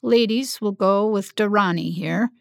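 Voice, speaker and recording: A woman voicing a brisk, cheerful male doctor with a heavy Scottish accent, upbeat and teasing. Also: mid-range voice, creaky, no echo, clean studio sound. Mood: jovial.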